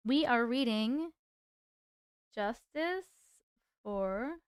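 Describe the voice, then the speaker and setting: A woman hosts a casual livestream, talking straight to her viewers with a smooth, clear voice. She laughs often and trips over tricky words. Her voice sits high, recorded close and dry. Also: darkish tone, no echo. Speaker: livestream host reading viewer stories.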